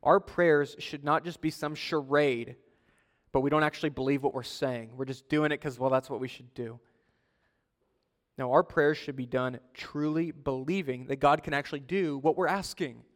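A male pastor delivers an earnest sermon in a sanctuary with a long, ringing reverb. He rises to loud, pressing exhortation, then drops to a quiet, low plea. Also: steady tone, moderate pace. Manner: earnest, swinging from loud urging to soft low pleading.

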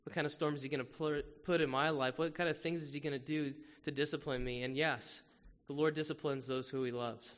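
A man's voice: on the high side, fairly even intonation, fairly quick, few pauses. Guy preaching a sermon, chatty, keeps asking "right?", big echoey hall, kinda dull audio. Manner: conversational preaching with rhetorical questions. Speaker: pastor. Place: church sanctuary. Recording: muffled sound with long hall reverb.

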